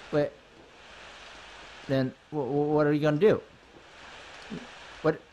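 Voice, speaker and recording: A man's voice: fairly high pitch, little pitch movement, slow, pauses often, a little mellow, a little hiss or hum. A man giving chatty, reactive commentary while playing a video game. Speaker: let's play host. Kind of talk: let's play commentary.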